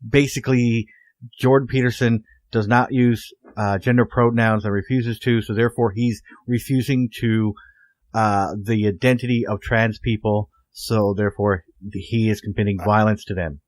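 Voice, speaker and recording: Man, low voice, dry close sound, hesitant, lots of ums and uhs. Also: fairly even intonation, no room sound. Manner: hesitant, many filler pauses. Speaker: podcast co-host. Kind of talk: casual podcast chat.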